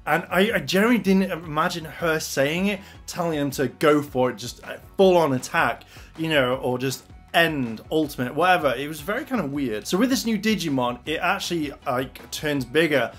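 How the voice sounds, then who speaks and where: A man giving a casual, animated spoken review, retelling scenes and acting out the characters' lines with frustration. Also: fairly high pitch, normal speed, breathy edge, soft background music. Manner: excitable, animated retelling with acted-out quotes. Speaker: anime reviewer.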